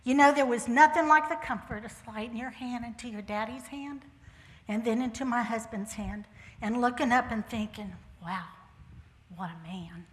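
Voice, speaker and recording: At a moderate pace, an older church speaker jokes her way through a personal testimony, folksy and full of Southern turns of phrase. Her bright, forceful voice, pitched a little high, echoes with long reverb from the church hall.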